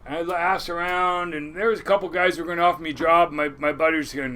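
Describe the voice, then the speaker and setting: Older man, sixties, fisherman telling stories, lively and profane, bright edge, slightly high voice. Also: fast talker, hardly any pauses. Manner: animated storyteller, swears, acts out quotes. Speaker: crab boat captain, podcast guest. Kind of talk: storytelling interview.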